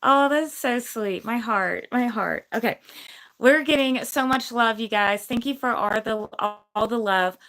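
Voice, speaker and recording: A young woman with a fairly high voice chats through a livestream giveaway, bubbly and full of fillers. Her voice is slightly hoarse, as if she is losing it. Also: a little slow, a bit bright, rough recording. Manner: bubbly, chatty, many fillers. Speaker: gecko breeder hosting a livestream giveaway. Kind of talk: casual livestream chat.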